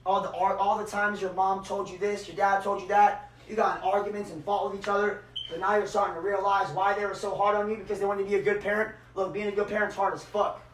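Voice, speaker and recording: A man giving a motivational speech and leading a guided visualization, swinging between shouted hype and hushed emotional moments. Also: high voice, level tone, quick pace, few pauses, roomy sound, recorded from a distance, a little hiss or hum, poor audio. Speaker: motivational speaker.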